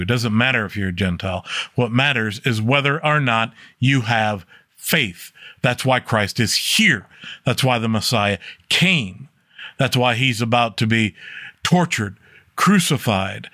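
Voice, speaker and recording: A man teaching an informal Bible study, reading scripture aloud and explaining it plainly, often checking in with a quick "okay?". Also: medium pitch, a bit bright, no echo, studio quality. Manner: plainspoken, repeats "okay?" to check listeners follow; reads scripture aloud with rising emphasis.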